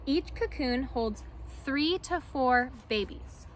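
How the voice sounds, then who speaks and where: A woman voicing a gentle, proud little worm in a children's picture book read-aloud. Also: high voice, expressive, slow pace, slight background noise. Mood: friendly.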